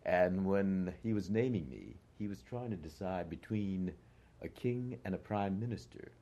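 A man's voice: deep voice, lively intonation, a little slow, warm tone. An older American man, an actor, recalling his past in a conversational interview, reflective and full of hesitations. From United States. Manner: reflective, hesitant with many fillers.

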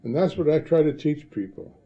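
An older man from northern Illinois, in the American Midwest, talks to a live audience of librarians in a slightly high, expressive voice and a little fast. He spins rambling anecdotes and often tacks on "huh?". The audio is lo-fi.

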